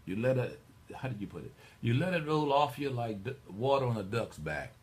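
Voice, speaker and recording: A man's voice: medium pitch, brisk. A middle-aged man hosting a talk radio show, rambling and digressing as he speaks to his listeners. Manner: rambling, digressive, animated storyteller.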